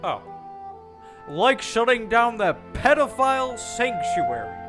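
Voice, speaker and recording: A man's voice: extremely high pitch, sing-song, takes it slowly, loud music behind the voice, heavily acted. A man voicing a bumbling small-town mayor who stammers and gets flustered, in an amateur fan dub.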